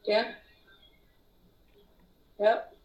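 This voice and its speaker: A woman telling a story in a casual chat, animated, acting out quotes with sharp high-pitched outbursts. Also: drawn-out words, roomy sound, far from the mic, lo-fi sound. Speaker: guest.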